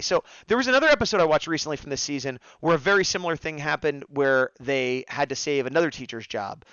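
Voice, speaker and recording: A man hosts a casual review show, talking through scenes with animated energy and slipping into the characters' lines as he goes. His voice sits a little high for a man. The recording is dry and slightly dull, like a lo-fi stream mic. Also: fast, few pauses, smooth, no room sound. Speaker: podcast host reviewing episodes. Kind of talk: casual chat.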